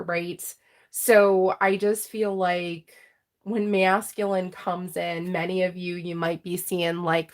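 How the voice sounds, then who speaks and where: A woman with a slightly low voice reads tarot cards for her viewers in a loose, conversational way. She fills her pauses with "um" and checks in with "right?" and "okay?" as she goes. She slips into laughs and small emotional moments along the way. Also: fairly bright tone. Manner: chatty, filler-heavy, checks in with "right?" and "okay?"; laughs often and gets emotional while reading. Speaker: tarot reader. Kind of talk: casual tarot reading to camera.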